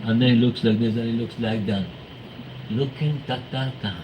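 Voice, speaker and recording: A man speaking to a devotional gathering, telling anecdotes in an animated way, acting out quoted voices and laughing often. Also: medium pitch, moderate pace, noisy background. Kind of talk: storytelling talk to a congregation.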